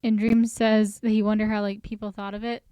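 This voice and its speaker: A woman talks through a story recap in a loose, chatty way, tossing in joking asides as she goes. Her voice is smooth and clear at a middle pitch. The sound is dry and close, with no room echo. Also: level tone, a little fast, mellow. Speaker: recap host. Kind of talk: casual story recap commentary.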